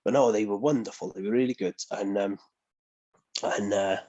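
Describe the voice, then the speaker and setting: Male guest, lower register, animated storyteller who acts out others. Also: normal speed, highs cut off. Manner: lively storyteller, acts out quoted people. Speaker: wrestler guest. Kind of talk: casual interview chat.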